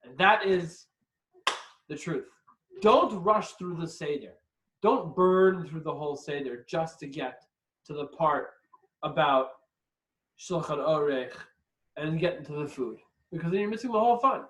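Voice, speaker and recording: A man's voice: on the high side, expressive, a little slow, long pauses, fairly bright tone, roomy sound, poor audio. A man giving an informal, chatty lesson with joking asides. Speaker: teacher explaining a ritual meal. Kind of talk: informal instructional talk with joke-telling.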